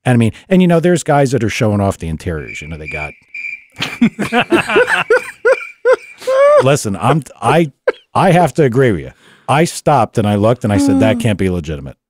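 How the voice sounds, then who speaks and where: A man's voice: on the low side, normal speed, pauses often. A man hosting a casual car-racing podcast, telling stories in a loose, profane way. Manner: profane, animated storyteller. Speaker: podcast host. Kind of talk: casual chat. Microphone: studio mic.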